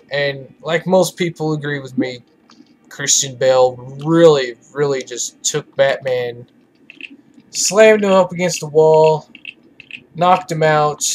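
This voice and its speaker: A man talks over his gameplay in an unhurried, drawn-out ramble, his voice sitting a little on the high side. He sounds tired and swears freely, opinionated as he goes. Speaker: let's play gamer. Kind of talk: casual gameplay commentary.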